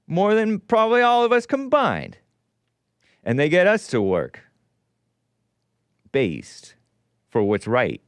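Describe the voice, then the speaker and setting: A man in his forties hosting a call-in show, giving rambling, sarcastic, animated political commentary. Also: a little high, no room sound. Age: 40s.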